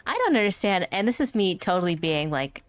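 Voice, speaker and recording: A woman's voice: lowish voice, very animated, fairly quick, no echo. A woman streamer chatting casually and playfully while drawing, rambling from one joke to the next and laughing often. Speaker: vtuber streamer.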